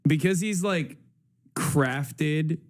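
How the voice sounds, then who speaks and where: A man's voice: fairly high pitch, drawn-out words. A man in casual chat on a stream, incredulous and often laughing.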